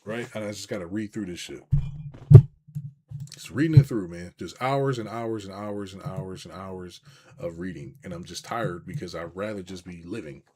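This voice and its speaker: A man's voice: low voice, normal speed, darkish tone, slight background noise. A man chatting loosely on a live stream, rambling with lots of swearing and restarts, and reading viewer comments aloud. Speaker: business coach hosting a live stream.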